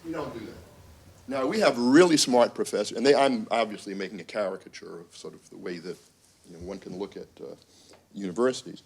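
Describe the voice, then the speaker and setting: A man's voice: fairly low pitch, fairly quick, creaky, breathy edge. Man telling a wry story as dean. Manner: storytelling, wry asides, animated quotes. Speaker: university dean. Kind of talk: symposium speech with anecdotes. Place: conference room.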